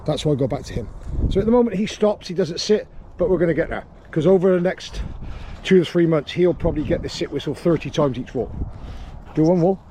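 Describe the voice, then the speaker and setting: Male dog trainer, mellow voice, calm explainer, recorded outdoors with faint background noise. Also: a little high, a little fast. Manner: calm explaining, with sharp shouted commands to a dog. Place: small grass sports field outdoors.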